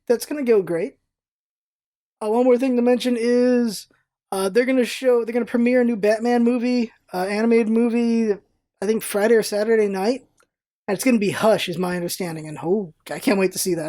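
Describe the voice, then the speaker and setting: This woman's voice is fairly high in pitch yet darkish in tone. In her casual vlog she speaks straight to camera, chatty and rambling, correcting herself as she talks.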